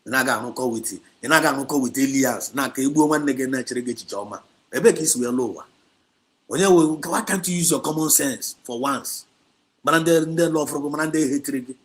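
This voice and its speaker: A fast-talking activist livestream host, medium in pitch and Nigerian Igbo in accent, delivers an emphatic, scolding sermon. He repeats himself a lot and alternates between Igbo and English as he urges his audience on.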